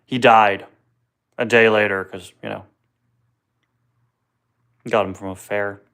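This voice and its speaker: A man's voice: fairly low pitch, level tone, takes it slowly, creaky, a bit bright, clear, resonant tone. Rambling young man on a livestream. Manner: rambling, joking, trips over words. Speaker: livestream host. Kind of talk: casual live Q&A chat. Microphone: phone on a tripod.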